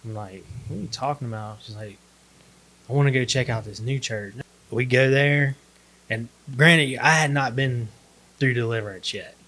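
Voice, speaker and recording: A man's voice: mid-range voice, normal speed, bright, forceful tone. A man telling his faith story as a guest in a casual chat, laid-back and acting out the lines of others. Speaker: podcast guest.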